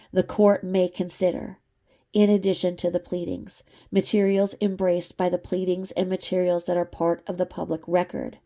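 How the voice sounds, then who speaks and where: A woman's voice: lowish voice, mellow. A woman reading a court filing aloud, breaking off now and then for sarcastic asides. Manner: reads legal citations, breaks off with sarcastic asides and laughs.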